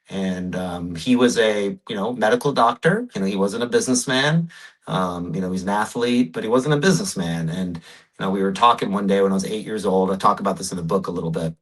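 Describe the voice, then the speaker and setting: A man speaking as a podcast guest, telling his story with emphasis in a relaxed interview. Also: lowish voice, low-quality recording. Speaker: podcast guest, real estate investor. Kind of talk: casual interview talk.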